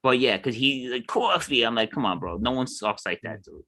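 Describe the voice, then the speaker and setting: Bright-voiced New man ranting. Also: mid-range voice, fairly quick. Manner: heated ranting, mimics others. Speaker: podcast co-host. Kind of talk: casual chat.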